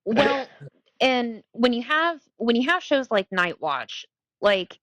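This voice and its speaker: Frank, animated woman co-host. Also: a little high, slow pace, no echo, rough recording. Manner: frank, animated, acts out quotes. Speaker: podcast co-host. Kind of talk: casual podcast conversation.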